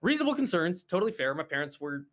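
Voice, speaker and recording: A man in his twenties, a podcast co-host telling a story in casual chat with animated, profane delivery. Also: a little high, fast.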